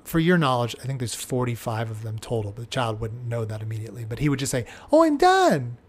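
A man's voice: mid-range voice, fast talker, slightly rough. A man hosting an education podcast, explaining a teaching method in an enthusiastic, chatty way. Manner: enthusiastic, chatty, with frequent "like" and "you know". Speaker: podcast host. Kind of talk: casual educational podcast talk.

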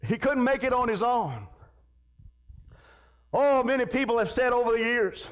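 A man's voice: extremely high pitch, moderate pace, pauses often, smooth. A man preaching a fervent sermon, peppering his lines with amens and repeated call-outs to the congregation. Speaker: pastor.

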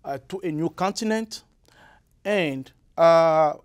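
A young man from the Republic of the Congo with a Congolese French accent, answering interview questions in halting English with many restarts. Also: a little high, smooth. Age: young adult. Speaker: guest musician.

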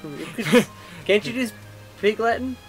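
A man's voice: high voice, animated, measured pace, music in the background. A young man chatting casually while gaming, rambling and joking with his brothers. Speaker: let's play gamer.

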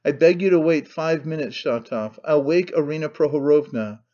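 A man's voice: fairly high pitch, normal speed, dark tone, muffled recording, close to an everyday voice. A man voicing a fretful man who pleads anxiously.

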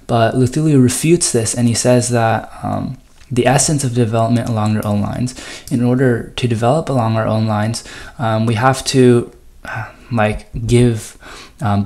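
A man's voice: on the low side, gravelly, a little mellow. A man tutoring through a recorded test review, explaining answers with frequent ums and you-knows and reading passages aloud.

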